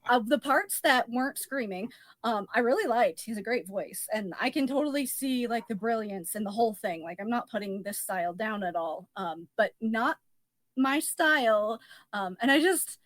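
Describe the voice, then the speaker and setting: A woman's voice: fairly high pitch, expressive, moderate pace, a bit bright, no room sound. A woman guest on a music podcast, speaking in casual chat, hesitant and full of ums, often laughing.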